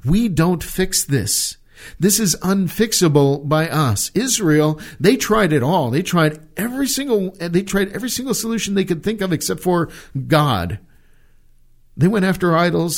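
A man preaching a sermon, from the United States, earnest, repeating words and slowing down to stress key phrases. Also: on the high side, darkish tone. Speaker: pastor.

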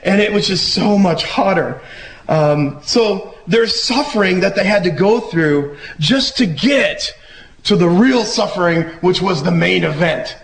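A man giving a relaxed, conversational sermon who acts out the voices he quotes. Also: high-pitched, unhurried, creaky, slight background noise, low-quality recording. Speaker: preacher. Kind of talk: casual sermon.

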